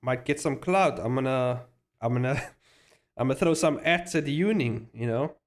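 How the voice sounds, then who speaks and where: A man wrapping up a livestream in a loose, rambling chat at an ordinary mid pitch. He laughs often, restarts his sentences and swears casually. The talk stays relaxed and unscripted. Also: normal speed. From South Africa. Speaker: streamer.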